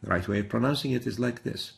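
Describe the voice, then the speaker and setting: A man's voice: medium pitch, quick pace, gravelly, a little hiss or hum. A middle-aged man teaching Quran recitation in a methodical lesson, repeating example words to demonstrate each sound. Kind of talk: instructional lesson.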